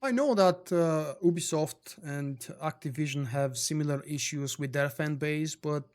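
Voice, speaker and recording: A man with a slightly high voice chats casually while he plays a game live. He greets viewers by name and answers their messages easily. He speaks English as a second language. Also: measured pace, darkish tone. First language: not English. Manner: chatty, answers viewers by name, with small fillers. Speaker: livestream gamer reading chat. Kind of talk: casual live-stream chat over gameplay.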